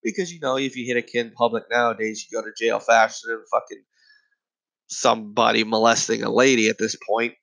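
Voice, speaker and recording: A man's voice: medium pitch, steady tone, brisk, gravelly, fairly bright tone, low-quality recording. A man delivering a profane, exasperated comedic rant, angry and swearing constantly.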